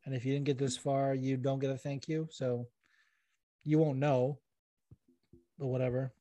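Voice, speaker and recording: A man's voice: medium pitch, little pitch movement, normal speed, mellow, no echo. A young man hosting a podcast in casual chat, rambling and self-deprecating, swearing now and then. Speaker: podcast host.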